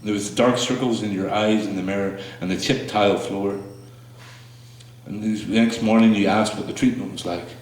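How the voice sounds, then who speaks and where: In a small, strongly echoing room, a low-voiced man sits well back from the mic and reads his spoken word poetry to a small audience. His intonation is fairly even, and between pieces he's slow and halting, with fillers and restarts.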